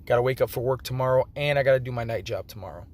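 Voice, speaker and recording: A man's voice: medium pitch, racing, darkish tone, rough recording. A tired man hosting a fantasy football league preview in a casual, rambling way, with slightly slurred speech and frequent self-corrections. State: tired, late at night. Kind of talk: casual game preview commentary.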